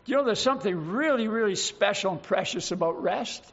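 An older man preaching a sermon, slow and emphatic, lingering on single words. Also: sits high, animated, gravelly, a bit bright, lo-fi sound.

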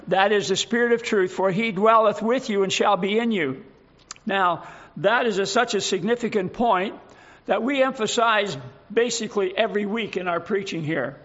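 Slow, bright-voiced preacher man. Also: sits high, highs cut off. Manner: slow, emphatic scripture reading and exhortation. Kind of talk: sermon.

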